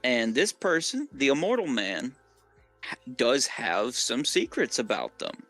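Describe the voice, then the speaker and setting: A man with a Southern US accent talks through game theories in a loose, rambling way. He keeps saying "like" and restarting his sentences, and his voice sits at an ordinary pitch. Soft music plays behind him. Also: huge pitch swings, unhurried. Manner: rambling, many fillers and restarts. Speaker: co-host. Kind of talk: casual gaming lore chat.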